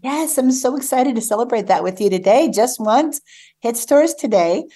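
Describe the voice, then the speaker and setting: A guest novelist chats casually on a radio show, her voice fairly high, animated, and moderately paced. Warm and enthusiastic, she talks eagerly and laughs often.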